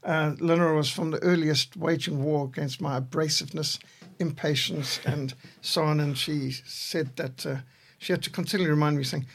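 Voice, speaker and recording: A man in his sixties, co-host of a podcast, telling measured stories with a dry humor. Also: a little high, fairly even intonation, creaky. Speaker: podcast co-host, missionary leader. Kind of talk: reflective conversation.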